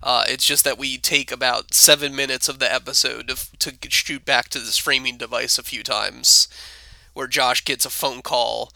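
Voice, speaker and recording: Gravelly, bright-toned male podcast host. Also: medium pitch, steady tone, normal speed, no room sound. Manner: wry, dry commentary with short agreements. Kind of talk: casual recap chat.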